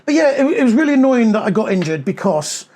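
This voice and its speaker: A middle-aged man with a notably high speaking voice, chatting easily in a podcast and spinning long stories full of ums. He talks into a clip-on mic that picks up a little clothing rustle. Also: very animated, quick pace, darkish tone. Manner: chatty storyteller, many ums. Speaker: podcast co-host. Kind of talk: casual podcast chat.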